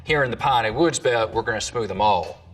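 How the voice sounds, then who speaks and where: Dialect coach narrating from a distance. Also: male voice, on the low side, brisk, fairly bright tone, soft background music. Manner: explanatory, demonstrates sounds. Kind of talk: scripted educational narration.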